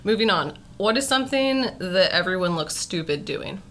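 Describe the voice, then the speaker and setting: A woman's voice: lowish voice, lively intonation, moderate pace, fairly bright tone, slight background noise. A woman podcast host asking playful questions in a casual interview, laughing often.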